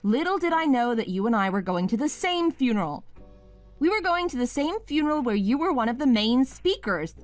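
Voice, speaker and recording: A woman's voice: high-pitched, big pitch swings, brisk, faint music behind. A woman voicing a wife named Mia in a scripted drama, pleading at first and then sharply accusing her husband.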